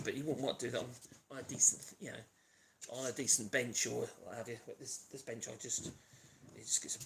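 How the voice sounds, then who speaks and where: A creaky, medium-pitched male voice belongs to a Norfolk woodworker hosting a casual livestream from his home workshop in the East of England. He rambles, chats, and hums as he works, and the recording is noisy with sanding and tools.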